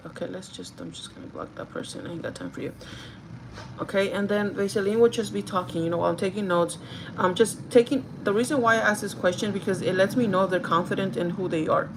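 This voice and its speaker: A woman who is a livestreaming vlogger and store manager chats casually with her viewers while doing her makeup, talking straight to them and laughing often. Her lowish voice is fairly quick with vocal fry, and the audio is poor with slight background noise.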